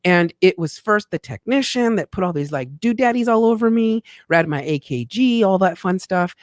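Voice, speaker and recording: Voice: mid-range voice, normal speed, dry recording, studio quality. Chatty tax consultant hosting a livestream. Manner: chatty and playful, calls viewers "babies"; animated, swings in loudness and speed. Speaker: tax consultant and talk show host. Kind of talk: casual livestream monologue.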